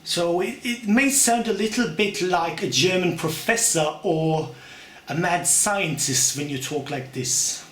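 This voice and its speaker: A man's voice: sits high, unhurried, a bit bright, slight background noise. A young man, demonstrating to camera in a hesitant, filler-heavy way. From Slovakia. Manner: hesitant, many fillers, slips into put-on accents. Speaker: aspiring actor demonstrating accents. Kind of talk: casual accent demonstration to camera. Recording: echoey room.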